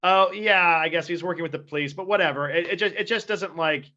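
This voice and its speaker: In dull lo-fi podcast audio, a male co-host rambles through casual chat with lots of fillers and frequent laughter. His voice sits on the high side, fast, bright and forceful.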